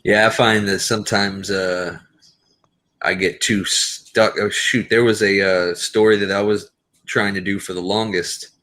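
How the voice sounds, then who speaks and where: A man with a notably low voice, joining a relaxed group chat. He thinks aloud slowly and stops often on "uh" and "um" as he works out what he means. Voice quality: thoughtful, hesitant, many fillers. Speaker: guest on an online hangout. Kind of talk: casual chat.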